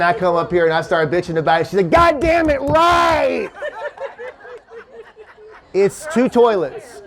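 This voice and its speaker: A man from Kentucky doing a loose, profane stand-up set at a winery, chatting with the crowd and laughing at his own jokes. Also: high voice. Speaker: stand-up comedian. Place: winery comedy show before a live audience. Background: audience laughter.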